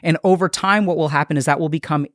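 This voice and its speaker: A man's voice: on the high side, a bit bright, dry recording, studio quality. Explanatory man in a podcast interview. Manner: explanatory, thoughtful, quick restarts. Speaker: psychiatrist.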